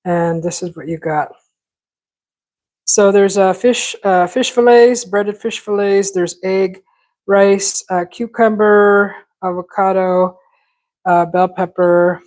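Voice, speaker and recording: A woman hosting a casual cooking vlog, rambling in a relaxed way with many fillers and restarts. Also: mid-range voice, slow pace, low-quality recording. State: talking with mouth full at times. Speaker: cooking channel host.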